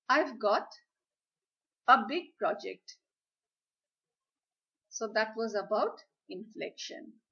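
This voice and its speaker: A woman giving a slide lecture on communication skills, speaking in a deliberate, instructive way. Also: on the high side, fairly bright tone. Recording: slightly dull, lo-fi audio.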